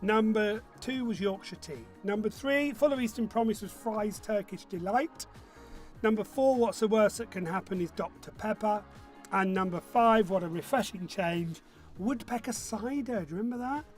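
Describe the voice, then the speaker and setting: Quiz MC, male, high voice, banter-heavy, faint music underneath. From northern England. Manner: chatty, jokey, reads out scores briskly. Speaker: quiz host. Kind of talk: casual online pub quiz hosting.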